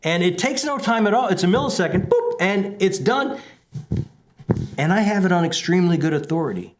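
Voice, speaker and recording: Animated, hammy book-show host. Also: male voice, sits high, brisk. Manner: playfully overselling, animated and hammy. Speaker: podcast co-host. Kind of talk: casual book chat.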